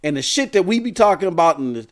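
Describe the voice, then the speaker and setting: A man hosting a gaming news stream, telling a rambling story in a loud, animated way. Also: high voice, quick pace. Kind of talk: casual storytelling rant.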